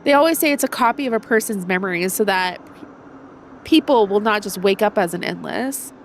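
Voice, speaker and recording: A woman's voice: mid-range voice, lively intonation, a little fast, a little hiss or hum. A young woman streaming a video game, congested and chatting in a rambling way with her viewers. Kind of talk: casual let's-play commentary.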